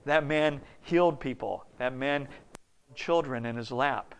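A man in his fifties preaching a folksy, story-filled sermon, dropping to a hush and then rising loud and high. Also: measured pace, clear, resonant tone. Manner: folksy, storytelling, swings between hushed and loud.

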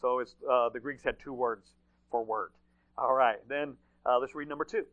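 A man's voice: mid-range voice, steady tone, normal speed, phone-quality sound. A man preaching a sermon in a conversational way, often repeating phrases and checking in with "right?".

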